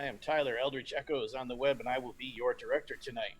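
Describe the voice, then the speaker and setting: A man's voice: mid-range voice, fairly even intonation, normal speed, a little hiss or hum. A man directing a tabletop horror game, opening with a theatrical, spooky storyteller recap and then reading the show's plugs. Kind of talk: horror show host intro.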